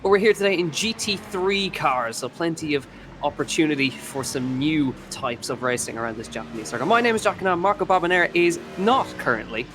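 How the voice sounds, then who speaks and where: A man's voice: a little high, expressive, fairly quick, music in the background. A man with an Irish accent doing live commentary on a sim racing event, chatty with frequent fillers and self-corrections.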